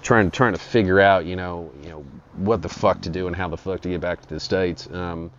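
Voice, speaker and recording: A man with a very low voice spins a rambling, foul-mouthed comic tale in an improvised monologue. The recording sounds dull and lo-fi. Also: fairly even intonation, brisk, a loud crowd. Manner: crude, profane, rambling. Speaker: storyteller. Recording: dull lo-fi audio.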